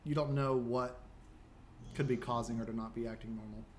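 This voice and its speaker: A man narrating as dungeon master, describing the scene in a relaxed, halting way. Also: mid-range voice, noisy background. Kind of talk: narrating a tabletop game.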